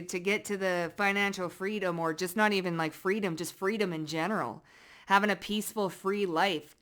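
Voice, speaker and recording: A woman giving a casual tarot reading to her viewers, blunt and profane, swinging between loud emphatic bursts and low muttered asides. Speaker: psychic tarot reader.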